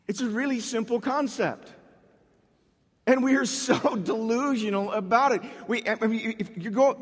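A man preaching a sermon as a pastor, talking in a conversational way with frequent restarts and animated asides. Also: very high voice, unhurried, husky, big-room sound.

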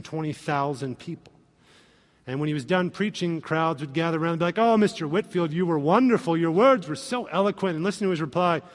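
A man preaching a sermon as pastor, animated and acting out quoted voices. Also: on the high side. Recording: long reverb of a hall.

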